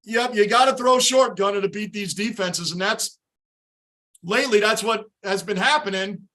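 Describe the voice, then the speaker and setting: Frustrated male fan host, bright tense voice, shouted live play-calling rants. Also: high-pitched, normal speed. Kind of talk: live fan reaction commentary.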